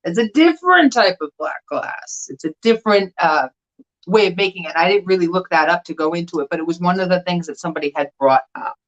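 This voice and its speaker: A woman's voice: lowish voice, animated, a little fast, low-quality recording. A woman hosting a casual live stream, explaining things to her viewers in a chatty way with asides. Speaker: host of a live vintage sale. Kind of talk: casual livestream chat.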